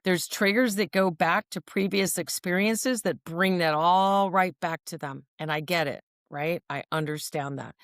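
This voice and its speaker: A woman talks about mental health in a personal storytelling monologue, speaking earnestly and emphatically and frequently checking in with her listener. Her voice is medium-pitched, recorded in clean studio sound with no echo.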